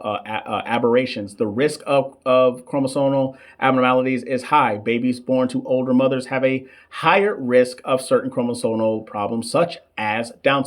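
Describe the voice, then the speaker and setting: A man in his thirties, hosting a live question session for nursing students. He talks in a loose, chatty way, answers the chat between questions, and stumbles over long drug names. His voice sits at an ordinary middle pitch. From United States. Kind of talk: casual live-stream teaching. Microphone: desk microphone.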